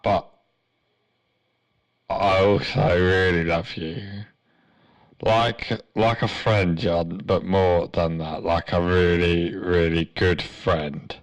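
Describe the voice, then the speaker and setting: A man's voice: low voice, fairly even intonation, takes it slowly, rough recording. A man playing an overemotional, lovesick male sports reporter in a comedy sketch, gushing and pleading. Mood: doting. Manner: gushing, sobbing pleas.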